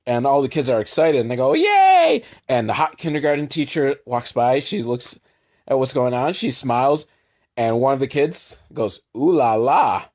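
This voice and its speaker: A man recapping a movie for comedy, sarcastic, jumping into quick put-on voices for the characters. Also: medium pitch, darkish tone.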